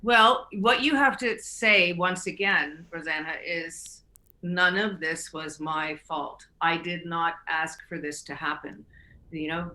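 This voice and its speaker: Host, woman; earnest, casual, bright low-set voice, echoey room. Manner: earnest, restarts often, laughs easily. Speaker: recovery podcast host. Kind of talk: casual advice talk.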